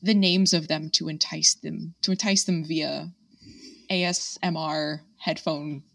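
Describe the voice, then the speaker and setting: A woman's voice: low-pitched, fairly even intonation, measured pace, creaky, a bit bright, no echo, far from the mic. A woman hosting a podcast, chatting with enthusiasm and saying "like" often. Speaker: podcast host. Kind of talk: casual podcast chat.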